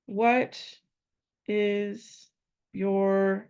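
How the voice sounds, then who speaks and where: A woman's voice: medium pitch, little pitch movement, very slow, creaky, a little mellow, clean tone. A woman teaching a Latin translation lesson, thinking aloud and repeating phrases as she works out each line. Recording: dull lo-fi recording.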